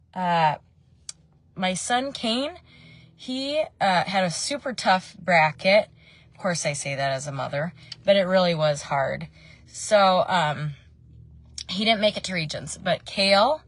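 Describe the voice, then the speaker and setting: Chatty woman vlogging from her car. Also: on the low side. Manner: chatty and meandering, with frequent ums. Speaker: makeup vlogger. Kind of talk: casual makeup tutorial chat. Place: parked car.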